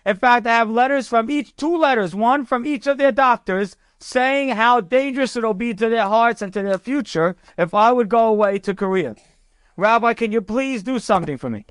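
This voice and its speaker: Man playing a jittery young private, pleading, raised pitch, anxious. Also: normal speed, fairly bright tone, smooth, no echo. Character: nervous young male Jewish army private.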